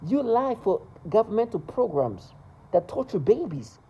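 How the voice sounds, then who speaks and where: A man's voice: sits high, sing-song, a little slow, creaky, slightly rough, highs cut off. A man talking to camera in a rambling, agitated monologue, repeating himself and stumbling over restarts.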